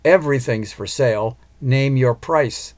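A man's voice: mid-range voice, unhurried, a little mellow, natural voice. A man voicing a haughty, threatening veiled woman in an audiobook, with a commanding, pushy manner. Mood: insistent. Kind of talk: audiobook character voice.

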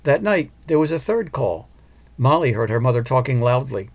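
A man narrating an audiobook in a calm, measured way. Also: medium pitch.

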